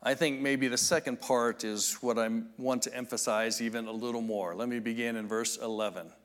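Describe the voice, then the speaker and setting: A man preaching a sermon, teaching in a measured, reflective way with frequent restarts. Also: medium pitch, fairly even intonation. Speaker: pastor.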